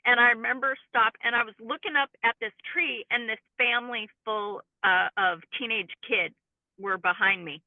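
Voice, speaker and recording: A woman's voice: fairly high pitch, normal speed, no echo. A woman, a cryptid field researcher and interview guest, earnestly recounting a personal encounter in detail. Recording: tinny phone-like call line, dry.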